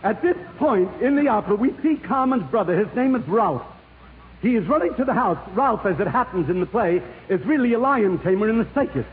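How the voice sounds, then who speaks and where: High-voiced comedian on tinny old radio. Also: male voice, animated, fairly quick, reverberant, slight background noise. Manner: chuckles at his own punchlines, mock-serious opera explainer. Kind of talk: stand-up comedy routine to an audience.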